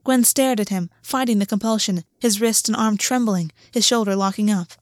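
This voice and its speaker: Woman narrator, steady measured story reading, mid-pitched, dry close sound. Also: no room sound. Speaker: audiobook narrator.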